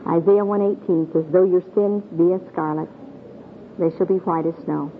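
A woman's voice: fairly low pitch, steady tone, moderate pace. Middle-aged lady from michigan doing bible class, folksy, asks the room stuff, phone-thin tape. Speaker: Bible teacher. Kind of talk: Bible teaching to a group. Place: meeting room with a group. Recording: tinny phone-like old tape with faint hiss.

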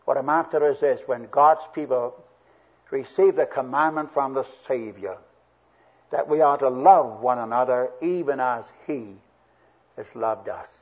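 Husky-voiced preacher in an old recording. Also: male voice, medium pitch, a little slow, muffled recording. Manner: earnest, swelling emphasis on key words. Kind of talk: sermon.

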